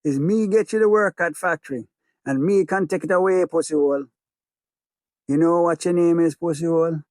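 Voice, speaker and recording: A man voicing a menacing young male ghetto gang boss with a Jamaican accent, slow and taunting. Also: on the high side, darkish tone, no echo, clean studio sound, lightly acted.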